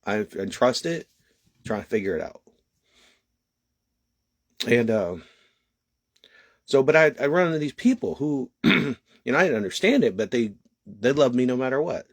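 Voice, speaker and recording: A middle-aged man giving a personal testimony, halting and emotional, fighting back tears, with many pauses and restarts. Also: mid-range voice, expressive, dry recording, studio quality. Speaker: testimony speaker.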